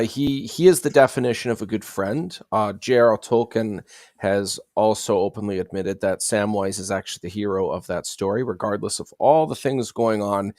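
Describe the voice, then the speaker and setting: A man with a fairly low voice talks as a guest in a casual interview. He speaks earnestly and reflectively, pausing often to find his words. His voice sounds close and dry, with almost no room around it. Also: darkish tone, dry recording. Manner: earnest, reflective storytelling with frequent hesitations. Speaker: guest, fantasy series creator.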